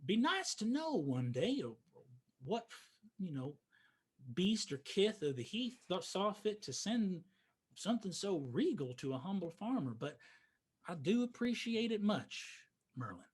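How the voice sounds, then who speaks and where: A man's voice: high-pitched, very animated, unhurried, breathy edge, heavily acted. A man voicing a humble, evasive old possum farmer with a folksy drawl. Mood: grateful.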